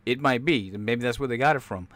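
A man hosting a podcast, reacting casually to a movie trailer in a rambling, excitable, profane way. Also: medium pitch, a little fast, dry recording. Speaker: podcast host.

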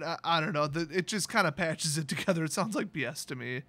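Bright-voiced man's sarcastic story recap. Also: a little high, lively intonation, brisk, few pauses, no echo. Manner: sarcastic, irreverent asides; loose, rambling delivery with many fillers. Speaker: YouTube host recapping a story. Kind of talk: casual story recap with commentary.

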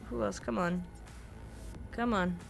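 A woman's voice: medium pitch, slow, vocal fry, soft background music. A woman streaming a video game live, frustrated and swearing, repeating herself as she talks to her chat.

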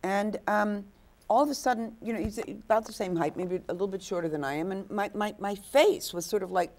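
A woman's voice: mid-range voice, fairly quick, darkish tone. A woman guest actress telling stories in a hesitant way, full of fillers and restarts, acting out the quotes. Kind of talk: anecdotal storytelling. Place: inn overlooking the ocean.

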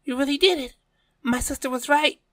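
A man doing a shrill, tearful teenage girl. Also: fast, dry recording. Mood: tearful, accusing. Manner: high-pitched, shrill, crying out.

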